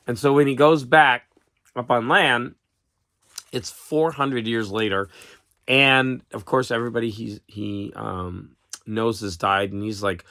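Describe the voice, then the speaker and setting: A man chatting casually about books in a rambling, halting way, with a cough, on a close mic. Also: on the low side, steady tone, a bit bright, no room sound. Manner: rambling, halting, with many restarts and fillers. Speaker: vlogger. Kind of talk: casual book chat.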